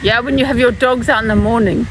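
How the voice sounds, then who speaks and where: A woman's voice: fairly high pitch, steady tone, fast talker. A woman live-streaming outdoors from her phone, talking in a heated, mocking way and swearing freely. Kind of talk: confrontational street live stream. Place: outdoors on a city street. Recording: phone with loud street noise.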